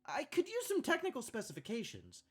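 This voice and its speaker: A man's voice: extremely high pitch, wildly swooping pitch, brisk, husky, faint music behind, pitched above the performer's own voice, full character voice. A man reading a practical, questioning woman visitor in a lifted voice. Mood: probing. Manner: pointed, questioning.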